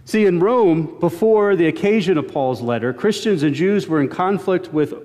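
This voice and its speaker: Male pastor, sermon delivery, slightly high voice, long church reverb. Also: lively intonation, moderate pace, a little mellow. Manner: earnest storytelling with prayerful opening. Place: church sanctuary.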